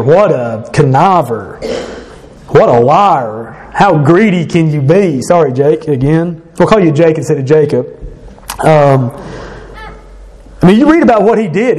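A man's voice: a little high, a little mellow. A man, a pastor, preaching an earnest and emphatic sermon in a conversational way, often restarting and correcting himself as he goes.

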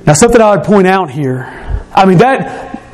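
A man preaching a sermon, explaining scripture verse by verse and repeating key phrases, slowing and dropping his voice for emphasis. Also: high-pitched, lively intonation, a little mellow. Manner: slows and drops his voice for emphasis.

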